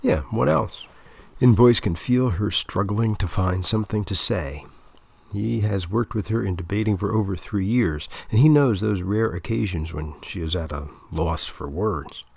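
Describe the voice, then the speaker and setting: Steady male audiobook narrator, husky low voice. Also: moderate pace, no room sound.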